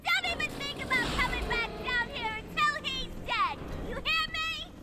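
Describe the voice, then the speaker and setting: An actress voicing a manic, playful female villain who taunts and bosses her gang, in a mocking sing-song voice. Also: normal speed. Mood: furious. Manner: mocking, sing-song, shrill when barking orders. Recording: game audio over loud music.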